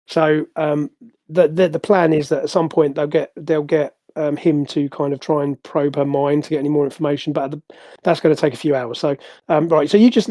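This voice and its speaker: A man running a tabletop game as game master, narrating in a rambling, halting way full of restarts. His voice sits on the higher side. The sound is dry and close, with no room echo. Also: warm tone.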